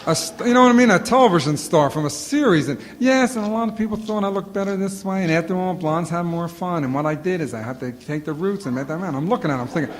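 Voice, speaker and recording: Guy doing comic stories at a q&a, kinda high voice, sore throat, long hall echo. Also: fast talker, hardly any pauses, a little hiss or hum. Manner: animated storytelling, acts out quotes. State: sore throat, sucking a lozenge. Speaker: comedian answering audience questions. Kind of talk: casual Q&A talk. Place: auditorium before a live audience.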